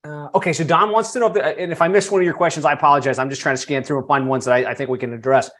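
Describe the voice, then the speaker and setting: A man moderating a live webinar Q&A, reading out audience questions in a relaxed, casual way. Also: a little high, racing.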